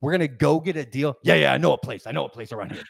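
A man putting on a loud, pushy salesman. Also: racing, no echo, clean studio sound, full character voice. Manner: booming, rough, overbearing sales patter. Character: brash, loud, pushy male door-to-door salesman.

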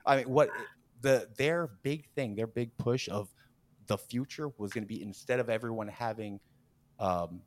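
A man's voice: medium pitch, normal speed. A man hosting a podcast, telling a story in casual chat, often laughing and acting out the people in it. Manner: animated, laughs often, acts out quoted people. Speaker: podcast host.

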